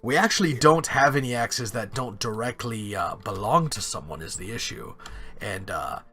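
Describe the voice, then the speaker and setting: A chatty, friendly dwarf merchant, as a game master puts him on stumbles along with lots of uhs and ums. The voice is bright and forceful, and soft music plays faintly underneath. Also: male voice, medium pitch, moderate pace, close to an everyday voice. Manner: rambling, full of uhs and ums.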